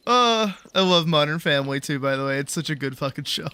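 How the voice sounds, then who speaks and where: Bright-voiced, animated streamer man. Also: on the high side, a little fast, hardly any pauses, smooth. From Boston, US. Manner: animated, swears, laughs often. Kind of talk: casual storytelling on a game stream.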